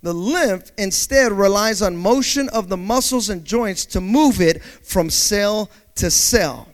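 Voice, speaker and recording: A man with a notably high-pitched voice preaches to his congregation. He swings from calm, low explanation to loud call-and-response, throwing in quick acted voices of panicked people. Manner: dynamic preaching, swinging from quiet to shouted call-outs. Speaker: pastor. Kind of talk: sermon.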